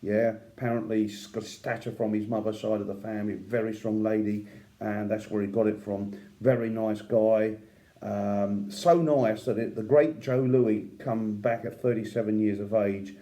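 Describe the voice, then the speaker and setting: A man's voice: fairly low pitch, fairly even intonation, normal speed, warm tone. A man telling boxing history in a casual, opinionated way, with many asides and fillers. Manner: conversational, with fillers and asides like "yeah" and "right?"; admiring, opinionated. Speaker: boxing commentator. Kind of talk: casual storytelling.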